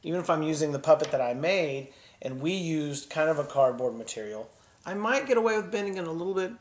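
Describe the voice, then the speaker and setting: A man teaching a children's puppetry lesson in a gentle, encouraging way, breathing and sighing aloud to show each emotion. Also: a little high, lively intonation, fast.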